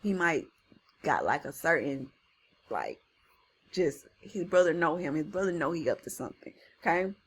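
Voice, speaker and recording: Animated woman teacher reading aloud. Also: low-pitched, moderate pace, breathy edge. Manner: animated, slangy asides, soft reading. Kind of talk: reading a story aloud with commentary.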